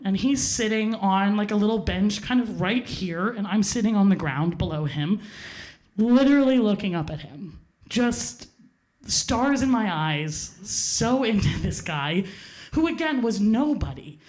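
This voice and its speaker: A woman with a high voice tells a personal story live from a theater stage. She is animated, swears freely and laughs at her own mishaps.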